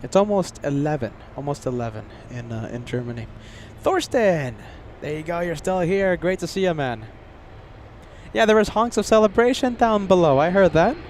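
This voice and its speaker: A man's voice: on the high side, animated, moderate pace, slight background noise. A man hosting a live plane spotting stream outdoors, chatting casually with viewers by name, sleepy and jet-lagged. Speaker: plane spotting livestream host. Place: outdoors near an airport.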